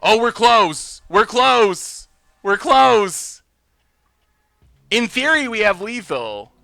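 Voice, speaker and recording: A man hosting a live game stream, thinking out loud about his plays and bursting into loud cheers when things go his way. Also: high-pitched, big pitch swings, drawn-out words, creaky, no echo, studio quality, soft background music. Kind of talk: live gameplay commentary.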